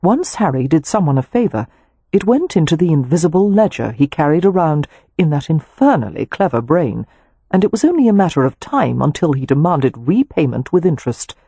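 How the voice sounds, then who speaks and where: A woman narrating an audiobook in a measured storytelling manner, recorded on a close mic. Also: low voice, sing-song, mellow, breathy edge, no echo. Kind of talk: scripted narration.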